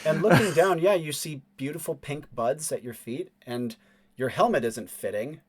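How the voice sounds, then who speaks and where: A man narrating as game master of a tabletop role-playing game, easygoing, with halting asides and frequent chuckles. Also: fairly high pitch, breathy edge.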